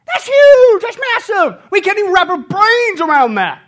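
Man, middle-aged pastor, sermon, very high pitch, lively animated delivery. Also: moderate pace. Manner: animated preaching, shouting on high points, laughs.

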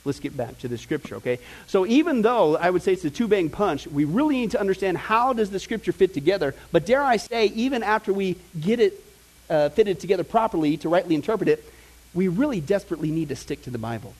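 A middle-aged man preaching and teaching in a conversational, animated way, with asides to the congregation. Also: high voice, fast. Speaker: pastor teaching a Bible class. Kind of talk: sermon.

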